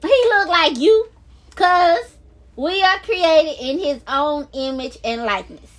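Really high-voiced woman gushing into her phone, slow and drawn out, half singing. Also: lively intonation. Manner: effusive, drawn-out exclamations, half-sung praise. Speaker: vlogger. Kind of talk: excited casual vlog talk about faith.

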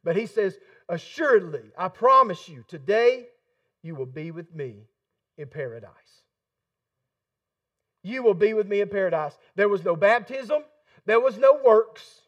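A man preaching a sermon in a folksy, emphatic way, getting excited as he talks. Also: high voice, unhurried, pauses often, recorded from a distance. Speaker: pastor.

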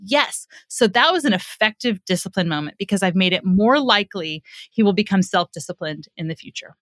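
A woman's voice: medium pitch, brisk, no echo. A psychotherapist woman in a dry room. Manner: warm, animated explanations acting out parent-child dialogue. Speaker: guest psychotherapist. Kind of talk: podcast interview.

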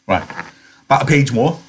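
A man's voice: medium pitch, a little hiss or hum. A male teacher giving an online literature lesson, reading aloud and musing conversationally with rhetorical questions.

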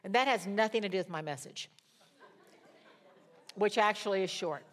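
A middle-aged woman teaching a Bible study, telling a personal testimony in an animated, storytelling way, talking fast and pitching her voice up high at the emotional moments.

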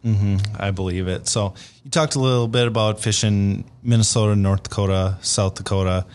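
A host with a fairly low voice keeps the chat easygoing. He also wraps up the segment with a steady sign-off. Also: normal speed. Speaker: show host. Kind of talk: interview hosting and sign-off.

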